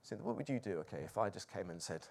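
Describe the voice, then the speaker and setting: A male preacher whose pitch rises and falls widely as he talks. He jumps from loud, excited exclaims to soft, hushed lines, giving the sermon a lively push and pull. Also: quick pace, slight background noise.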